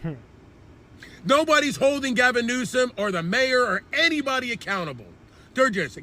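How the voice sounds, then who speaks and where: A man's voice: extremely high pitch, sing-song, moderate pace, bright, forceful tone. A man hosting an online commentary channel, delivering a heated, profane political rant.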